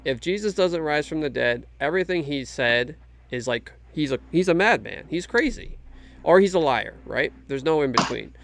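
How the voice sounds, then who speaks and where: On the high side and creaky, this man's slightly bright voice is animated as he talks at normal speed about his Christian faith. In the casual faith discussion he speaks earnestly and emphatically, with lots of restarts.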